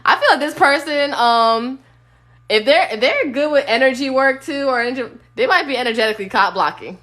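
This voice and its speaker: A woman's voice: sits high, animated, fairly quick, fairly bright tone. Blunt casual woman reading tarot. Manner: casual and blunt, sings snippets of songs. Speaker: tarot reader. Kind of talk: live-stream tarot reading. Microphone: phone.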